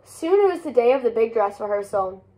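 A woman reading a children's picture book aloud as the channel host. Her narration is clear and steady, set a little high, in an easy storytime manner. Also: fairly quick.

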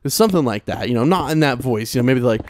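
A man's voice: mid-range voice, animated, quick pace, a little mellow, a little hiss or hum. Chatty young man narrating gameplay. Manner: chatty, rambling, self-deprecating, talks straight to viewers. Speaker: Minecraft let's play host. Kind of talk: casual gameplay commentary.

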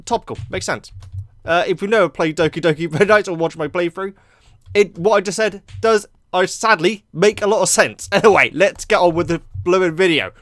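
A man giving excitable, chatty let's play commentary, joking and laughing often. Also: sits high, brisk, no room sound, clean studio sound. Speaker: YouTube gamer.

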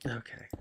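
A man's voice: a little high, a little hiss or hum. A man from Salem, chatting casually and swearing freely while commenting on his game. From Salem, Massachusetts. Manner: rambling, profane, chatty. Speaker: gaming channel host.

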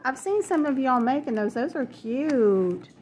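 A woman's voice: high voice, lively intonation, unhurried, darkish tone, a little hiss or hum. A woman, chatting at home as she opens happy mail, gushing and easily delighted. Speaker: crafting vlogger opening happy mail. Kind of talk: casual chat. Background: paper crinkling, dogs in the house.

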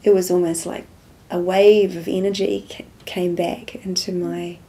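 Woman, low flat voice, mellow tone, quiet storytelling, interview guest. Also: a little slow. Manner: soft-spoken storytelling, acts out quoted dialogue. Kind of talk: personal spiritual testimony.

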